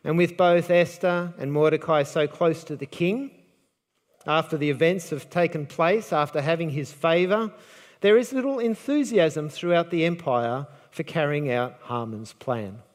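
Dramatic storytelling preacher in a reverberant hall. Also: male voice, fairly high pitch, a little slow. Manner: dramatic storytelling, acting out the quoted lines. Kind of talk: sermon retelling a Bible story.

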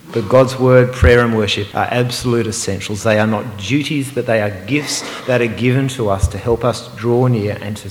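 A man preaching a sermon, earnest and emphatic, sometimes slowing to a hushed, meditative repetition. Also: fairly low pitch, a little hiss or hum. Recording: roomy hall with long reverb.

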